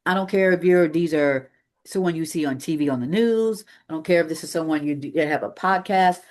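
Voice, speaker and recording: A public speaking coach teaches a live room with an energetic, emphatic delivery and a mid-range voice. The pace keeps shifting, slowing on key points and speeding through transitions. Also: mid-range voice. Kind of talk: live training presentation. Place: meeting room with an audience.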